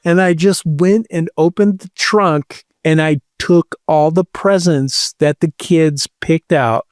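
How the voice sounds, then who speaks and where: A man with a fairly high voice spins a candid story at an unhurried, drawn-out pace. He swears freely, leans on "like" and breaks into laughs as he goes. The sound is dry and close, with almost no room. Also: a little mellow, dry recording. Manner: candid, profane, full of "like" fillers, laughs mid-sentence. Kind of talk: casual storytelling chat.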